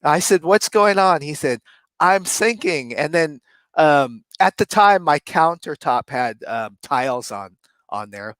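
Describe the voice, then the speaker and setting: A man co-hosting a relaxed conversation tells a story in a lively way, often laughing mid-sentence. His voice sits somewhat high for a man. The sound is dry and close, with no room echo. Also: a little slow. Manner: animated, laughs often while telling. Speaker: co-host. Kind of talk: casual storytelling chat.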